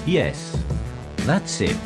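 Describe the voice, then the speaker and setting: A man voicing a booming, deep-voiced male show announcer for a comedy podcast jingle, drawn out and loud. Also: huge pitch swings, extremely slow, over loud music, full character voice. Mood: grandiose.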